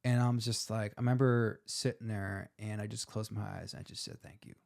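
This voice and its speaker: A man's voice: fairly low pitch, steady tone, a little fast, vocal fry, a little mellow. A man in his forties, a firefighter, talking candidly and emotionally in an interview, casual and heartfelt. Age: 40s. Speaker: firefighter guest.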